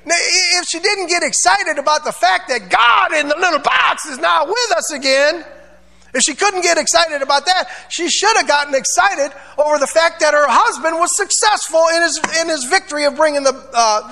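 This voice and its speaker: A man's voice: extremely high pitch, bright, forceful tone, long reverb tail. A man pastor preaching a sermon, dramatic, acting out voices and drawing amens. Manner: preaching with call-and-response amens; dramatic, acts out voices of Bible figures.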